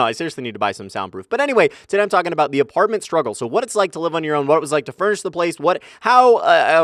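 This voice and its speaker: A 19-year-old man casually talking over gameplay as a commentary YouTuber, energetic and swearing often, saying "man" a lot. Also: mid-range voice, no echo, clean studio sound. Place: small bedroom in his apartment, under a comforter. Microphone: desk mic, comforter draped over it to cut echo.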